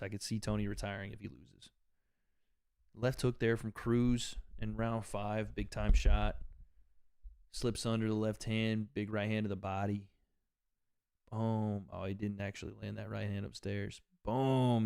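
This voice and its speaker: A man's voice: lowish voice, creaky, darkish tone, clean tone, no room sound, clean studio sound. A man hosting a livestream watch party, giving casual, profane commentary on a fight and bantering with his chat. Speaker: livestream host.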